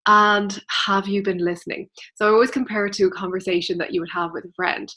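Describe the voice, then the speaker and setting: A woman's voice: mid-range voice, steady tone, fast talker, pushed and bright. A woman giving a spiritual guidance talk as a teacher, earnest and explanatory, speaking directly to her listeners.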